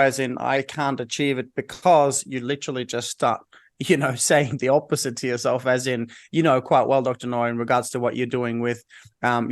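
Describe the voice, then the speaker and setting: A male podcast host asking his guest questions and summing up what he has heard. His voice sits at a middle pitch, and his phrasing wanders with restarts as he rephrases. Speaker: interview host. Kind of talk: interview questions and paraphrase.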